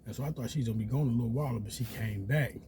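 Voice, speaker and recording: A man telling a story casually, animated and profane, acting out quotes in a raised voice. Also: medium pitch, racing, noisy background.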